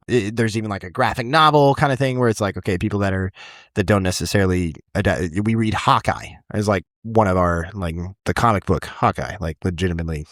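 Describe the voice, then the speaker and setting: A man who teaches high school English, chatting casually on a podcast and rambling with frequent restarts and the odd swear word. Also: fairly bright tone, no room sound, studio quality.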